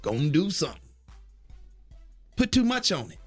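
A man co-hosts a radio show, grumbling and complaining with plenty of energy. His voice is high and swoops widely, and faint music plays under him. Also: wildly swooping pitch, normal speed, a bit bright. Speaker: radio co-host. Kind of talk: morning radio banter. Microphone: studio microphone.

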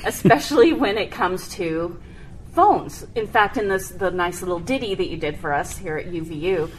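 A woman's voice: fairly low pitch, normal speed, a little hiss or hum, low-quality recording. A woman hosting an interview, asking chatty questions with frequent giggles. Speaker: radio host.

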